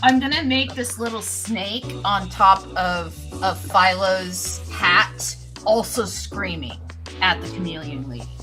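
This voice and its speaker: A woman hosting a stream while drawing, upbeat and a little halting. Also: medium pitch, bright, forceful tone. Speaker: stream host and artist. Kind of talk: casual chat. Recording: faint background music.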